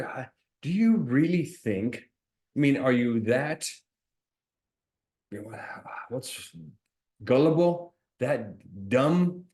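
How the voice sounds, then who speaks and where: A man working as an insurance agent who talks straight to his viewers, animated and sarcastic, explaining while he shares his screen. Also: mid-range voice, reverberant.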